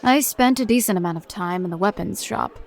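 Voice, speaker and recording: A woman's voice: medium pitch, a little fast, gravelly, soft background music, natural voice. An actress voicing a hardened middle-aged mother and paranormal agent, who tells her report in a blunt, grim, dry-humored way. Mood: weary. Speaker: narrator of a recorded report. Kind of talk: audio drama monologue.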